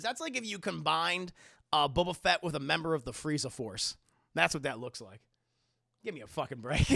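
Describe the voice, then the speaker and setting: A man hosting a livestream in a casual, excitable way, swearing freely and laughing often. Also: a little high, vocal fry, no echo, studio quality. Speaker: livestream host.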